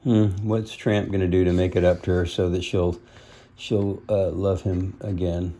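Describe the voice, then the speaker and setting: A man's voice: deep voice, little pitch movement, moderate pace, dark tone. A man reading a picture book aloud, stopping to explain the story in simple words. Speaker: storybook reader.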